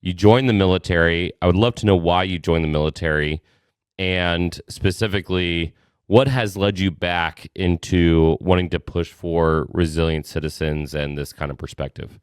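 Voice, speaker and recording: A man hosting a podcast, asking a long, halting question full of restarts. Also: low-pitched, fairly even intonation, clean tone, no echo, studio quality. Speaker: podcast host. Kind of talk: casual interview.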